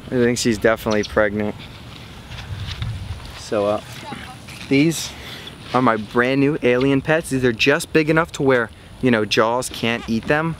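A young man vlogging outdoors by a pond, excited and hyped, talking to his pet fish and his viewers. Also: mid-range voice, a little slow, long pauses, a little hiss or hum. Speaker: fishing vlogger. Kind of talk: casual outdoor vlog talk.

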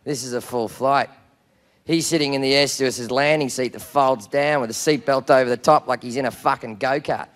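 Crude, shouty Australian comedian. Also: male voice, medium pitch, fairly even intonation, a little fast. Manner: crude, swearing, shouty storytelling. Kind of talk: stand-up comedy. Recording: live show with loud crowd noise.

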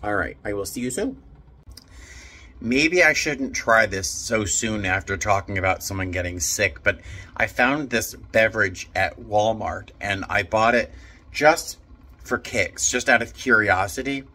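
A man chatting casually to the camera as a travel vlogger, thinking aloud and gushing when excited. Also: lowish voice, a little slow. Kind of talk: casual vlog chat to camera.

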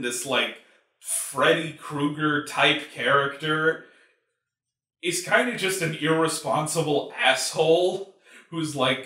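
A man's voice: fairly high pitch, pushed and bright. A man hosting a movie review show, ranting in a casual, profane, exasperated way with lots of filler words. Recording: roomy echo.

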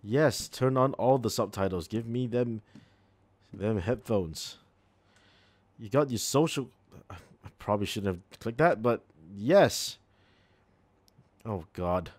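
A man's voice: on the low side, lively intonation, slow, pauses often, darkish tone, no echo. A man hosting a video game playthrough, chatting sarcastically and reacting aloud as he plays. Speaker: gaming channel host. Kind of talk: let's play commentary.

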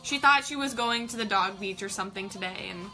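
A woman's voice: medium pitch, brisk, sharp tone, faint music behind. A woman hosting a casual live stream, bubbly and gushing, greeting viewers by name. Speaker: livestream host.

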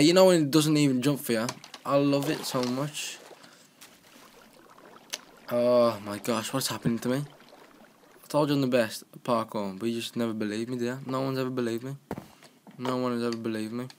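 An excitable young man does casual gameplay commentary, cracking jokes and talking to himself. His voice sits at a medium pitch, and the home recording carries a little hiss or hum along with keyboard clicking.

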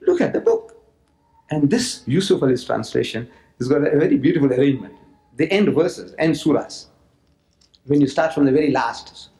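A man from South Africa giving an animated religious lecture to an audience, full of mocking asides and repeated phrases. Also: a little high. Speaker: public lecturer. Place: lecture hall. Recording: roomy lecture hall recording.

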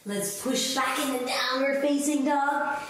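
Slow, playful woman in an echoey room. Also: high-pitched. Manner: playful, sing-song, makes animal sounds. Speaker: kids' yoga teacher. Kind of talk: children's yoga lesson with singing. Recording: echoey room, voice from a distance, faint noise.

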